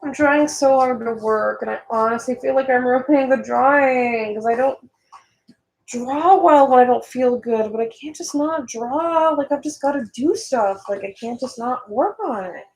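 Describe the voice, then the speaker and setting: A woman's voice: high-pitched, normal speed, darkish tone, roomy sound, low-quality recording. A young woman chatting casually while she works on a drawing, rambling and swearing, getting worked up at times. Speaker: artist vlogger.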